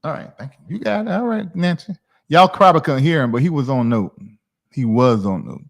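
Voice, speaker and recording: A man in his forties from the South, chatting casually on his livestream in a rambling, animated way. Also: fairly high pitch, brisk, creaky. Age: 40s. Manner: rambling, animated, talks to chat viewers by name. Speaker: livestream host.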